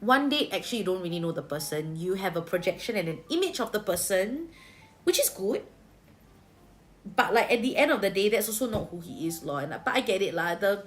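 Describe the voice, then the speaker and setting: A woman with a Singaporean accent giving a livestream tarot reading, chatty and colloquial, with Singlish particles and big-sister reassurance. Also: mid-range voice. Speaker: tarot reader.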